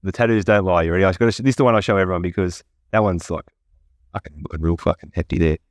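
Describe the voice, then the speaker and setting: Guy, very low voice, dry close sound, candid and foul-mouthed podcast guest. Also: racing, no room sound. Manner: blunt, profane, candid storytelling. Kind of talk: casual podcast interview.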